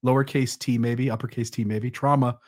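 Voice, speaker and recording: A man's voice: medium pitch, steady tone, a little fast. A man in his forties, a podcast guest who explains his ideas thoughtfully and with some fillers. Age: 40s. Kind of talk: conversational interview.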